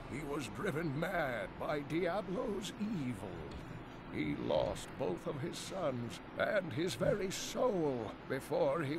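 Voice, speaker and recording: An actor playing a wise, weary old male scholar in a game, telling old tales slowly and solemnly. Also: a little high, noisy background. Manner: slow, solemn storytelling. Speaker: game character.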